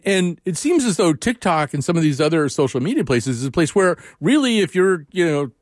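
A male host muses out loud, circling his questions with ums and restarts. His voice has an everyday middle pitch. The sound is dry and close, with no room around it. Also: dry recording. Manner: musing, searching for words. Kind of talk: conversational interview.

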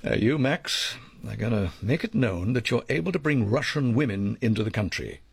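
A man's voice: medium pitch, animated, normal speed, creaky, husky, dry recording, clean studio sound. An actor playing a commanding male ringleader who lays out a plan in clipped, bossy, formal phrasing. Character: commanding male ringleader planning a sting, dry, precise.

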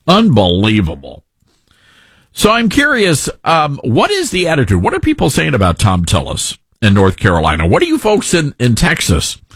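A man's voice: mid-range voice, huge pitch swings, moderate pace, slightly rough, dry recording. A middle-aged man hosting a call-in talk show, giving sarcastic, opinionated commentary and mocking people he disagrees with. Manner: sarcastic, mocks others with put-on voices. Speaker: call-in radio show host.

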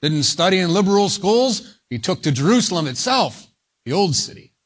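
A man preaching a verse-by-verse sermon, slow and deliberate, leaning hard on single words for emphasis. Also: sits high, big pitch swings.

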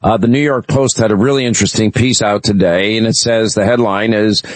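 A man's voice: fairly low pitch, fairly even intonation, brisk, dry recording, rough recording. A man hosting a talk radio show, giving emphatic, opinionated commentary with frequent fillers. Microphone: studio microphone.

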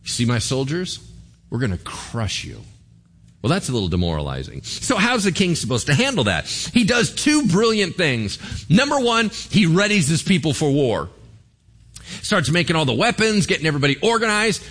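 A man preaching a sermon in a lively conversational way, asking the congregation rhetorical questions. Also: on the high side, brisk. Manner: animated, conversational, asks the crowd rhetorical questions. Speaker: pastor.

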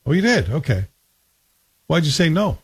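A man's voice: a little high, very animated, moderate pace, slightly rough, no room sound. A man hosting a morning radio show, chatting and joking casually with his co-hosts. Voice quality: talkative, joking.

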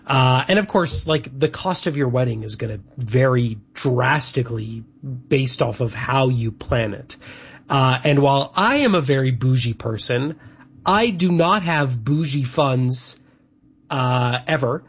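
A man's voice: medium pitch, measured pace, husky. A man hosting a casual chat, talking in a rambling way with lots of fillers. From Canada. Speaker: host. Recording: dull lo-fi sound.

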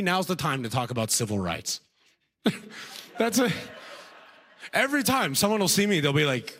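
A man doing a stand-up comedy routine, telling a story with quick impressions of the people in it. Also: high voice, fairly bright tone, in a large hall. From outside the United States.

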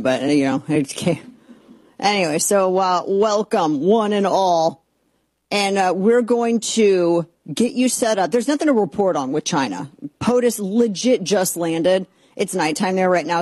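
A woman's voice: on the low side, a little mellow, no room sound. A woman hosting a talk radio show, opinionated and sarcastic, often exasperated. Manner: sarcastic, exasperated, mocking voices. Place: radio studio, simulcast.

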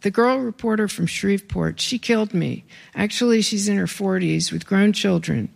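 A heavily gravelly, creaky voice at a middling pitch, reading their own writing to a live audience. They break off now and then for dry, wry remarks before slipping back into the text. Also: normal speed. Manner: wry, conversational asides between read passages. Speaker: author reading own work.

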